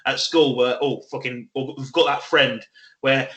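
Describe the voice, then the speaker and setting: Bright-voiced young co-host, laughs through crude stories, echoey room. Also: male voice, medium pitch, steady tone, measured pace, lo-fi sound. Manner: laughing, storytelling, swearing. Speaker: podcast co-host. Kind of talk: crude casual chat.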